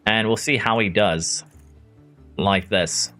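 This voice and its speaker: This game streamer from Norway has a lowish voice with a sharp tone and speaks at a slow pace. He's chatty, chuckles often and addresses viewers by name while casually commenting on a racing management game. Faint music plays behind him.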